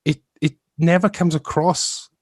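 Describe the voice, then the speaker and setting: A man's voice: fairly high pitch, fairly even intonation, measured pace, no echo, clean studio sound. A man hosting a podcast in casual chat, musing at length and laughing often. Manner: thoughtful, rambling, often laughs. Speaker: podcast host.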